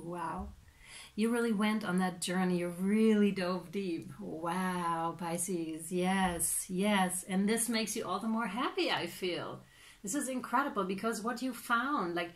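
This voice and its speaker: A woman giving a casual tarot reading, chatty and animated, with many fillers and playful acted-out reactions. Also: medium pitch. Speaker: tarot reader.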